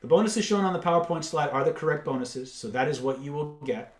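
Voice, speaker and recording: A man's voice: a little high, animated, fast talker, roomy sound. Salesy man hosting a webinar. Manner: salesy, reads off prices, blunt asides. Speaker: webinar host and seller. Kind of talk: live webinar sales pitch and Q&A.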